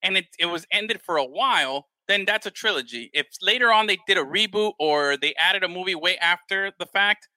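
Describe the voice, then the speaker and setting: A man co-hosting a casual chat, talking in an animated, rambling way with plenty of swearing. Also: high-pitched, fairly quick, few pauses, no echo. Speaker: podcast co-host.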